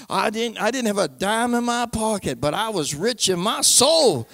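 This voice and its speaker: A man with a high, gravelly voice gives an emphatic church testimony in plain folksy speech. The sound is close and dry, with no room around it. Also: animated, moderate pace, a bit bright, no echo. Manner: emphatic, repeats "I'm telling you"; folksy nonstandard grammar. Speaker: church speaker giving testimony.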